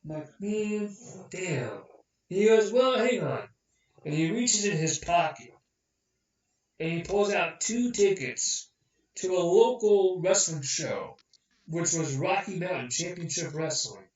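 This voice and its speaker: A man's voice: high voice, takes it slowly. A young man hosting a podcast, telling a rambling story in casual chat and acting out the people in it. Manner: rambling, animated, acts out quotes. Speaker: podcast host. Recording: roomy, distant, dull sound.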